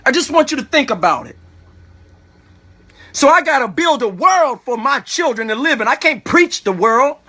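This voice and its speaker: A man speaking live as a community activist, giving an impassioned, preachy talk with repeated rhetorical questions, emotional and at times shouting. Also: extremely high pitch, animated, moderate pace. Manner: preachy, repetitive rhetorical "all right?". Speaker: community activist and children's school organizer. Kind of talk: impassioned live-stream speech.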